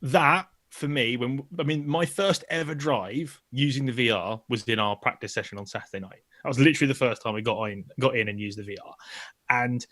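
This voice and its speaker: A man's voice: medium pitch, fairly quick, a bit bright, no room sound. A man co-hosting a casual podcast chat, rambling and self-mocking. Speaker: co-host.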